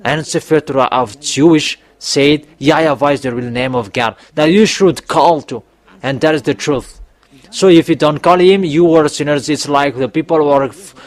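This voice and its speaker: Male preacher, slightly high-pitched, exhorting and repetitive, pushes up hard on warnings. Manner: emphatic exhorting, voice rising on warnings; repetitive, with fillers and restarts. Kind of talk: sermon.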